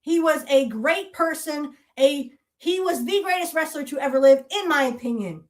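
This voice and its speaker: Hosting a podcast, this high-voiced woman rants at length in a heated, accusatory way. She curses freely, repeats her rhetorical challenges again and again, and stays animated at a moderate pace.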